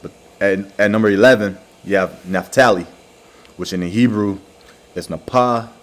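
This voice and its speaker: Low-voiced man teaching, checking in often. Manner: repetitive, checks in with "all right" and "okay"; spells out words slowly, repeating pronunciations. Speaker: religious teacher. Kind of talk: informal religious lesson to camera.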